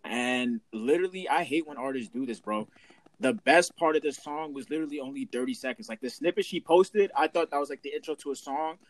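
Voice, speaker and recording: A young man co-hosting a casual podcast, loud and joking, giving quick reactions and talking about music. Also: on the high side, no echo. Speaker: podcast co-host. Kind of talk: casual chat.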